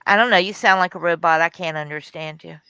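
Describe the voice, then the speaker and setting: A woman's voice: fairly low pitch, fast talker, sharp tone, clean tone, dry recording. A woman chatting on a video call, teasing and laughing often as she shows her digital art. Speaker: digital artist sharing her work. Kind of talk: casual chat on a call.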